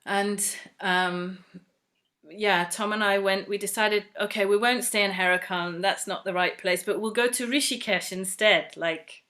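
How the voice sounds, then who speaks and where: A woman from England recounts a personal story in a chatty, earnest way, with plenty of fillers along the way. Her voice is bright and clear. She slips into the voices of the people she quotes. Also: medium pitch, steady tone, a little slow. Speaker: devotee sharing a personal story.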